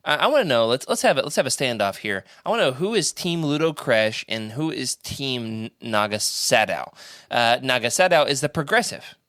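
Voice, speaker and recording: A man's voice: medium pitch, a little fast, no echo, studio quality. A man hosting a casual podcast roundtable, playful and leading the discussion. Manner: animated, playful, leads the discussion. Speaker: podcast host.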